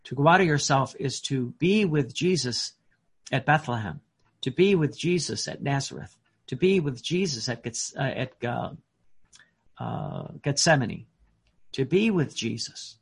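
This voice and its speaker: Husky-voiced man preaching a sermon. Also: mid-range voice, expressive, a little slow. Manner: earnest, emphatic, with frequent fillers and restarts.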